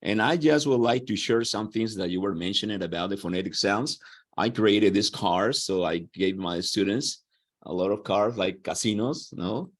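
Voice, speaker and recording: Brief: man, low voice, eager and chatty teacher on a call. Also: moderate pace. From Piura, Peru. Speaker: English teacher. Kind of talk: casual sharing on a video call.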